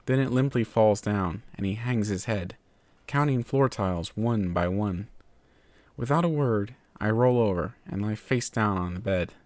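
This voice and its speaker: A man narrating a fan fiction story in a steady, measured way. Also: lowish voice, no room sound. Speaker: story reader.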